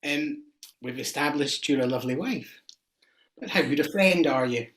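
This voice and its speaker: A man's voice: fairly high pitch, normal speed, fairly bright tone, rough recording. A man interviewing a guest, asking questions with many hesitant fillers.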